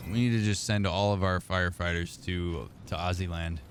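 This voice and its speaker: A man with a fairly low voice, from Indiana, talks casually through a gaming livestream as a therapist host. He reads and answers his chat in a relaxed, chatty way, with a faint hum of background noise. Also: moderate pace. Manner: chatty, answers chat messages as they come. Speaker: therapist streamer.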